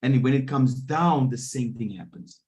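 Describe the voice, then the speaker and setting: A man coaching a live online trading room, often pausing to ask whether his listeners are following. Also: mid-range voice, lively intonation, a little mellow. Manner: keeps checking in with listeners. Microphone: video call.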